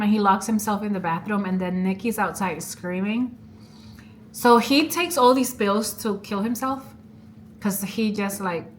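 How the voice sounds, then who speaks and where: A young woman vlogger casually retelling and reviewing a movie, chatty and animated, acting out quoted lines. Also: medium pitch, slight background noise.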